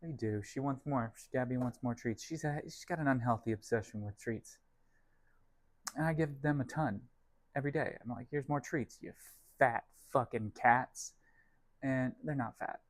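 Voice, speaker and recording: A man's voice: medium pitch, moderate pace, no room sound. Rambling man chatting in a dry kitchen. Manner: rambling, self-deprecating, talks to his cats. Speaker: vlog host. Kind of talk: casual cooking vlog chat. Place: home kitchen.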